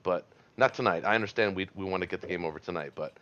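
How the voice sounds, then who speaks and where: A man's voice: low-pitched, rapid-fire, muffled recording, noisy background. A man chatting casually over an online board game, thinking aloud and giving advice with easy chuckles. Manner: reflective, advising, chuckling.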